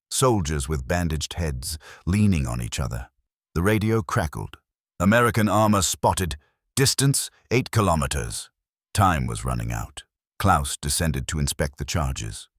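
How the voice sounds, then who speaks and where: A man's voice: rumbling low, animated, unhurried, dry recording, studio quality. A man giving grave, dramatic scripted narration of a war story.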